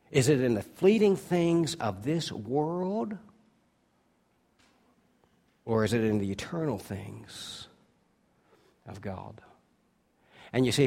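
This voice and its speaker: Male pastor, sermon delivery, loud emphatic peaks and low quiet asides. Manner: stretches key words slowly for emphasis.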